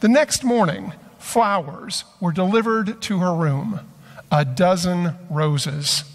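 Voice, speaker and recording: A high-voiced man delivers a sermon at an unhurried pace, telling a story slowly and deliberately. His voice carries a long church-hall reverb. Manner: slow, measured storytelling delivery. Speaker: pastor. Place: church sanctuary.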